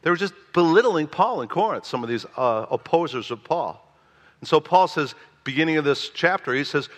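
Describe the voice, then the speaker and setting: A man in his sixties preaching a sermon in a church, reading scripture and telling stories with animated emphasis that rises on key phrases. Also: on the high side, brisk. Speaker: pastor. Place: church sanctuary. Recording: long echoing church hall reverb.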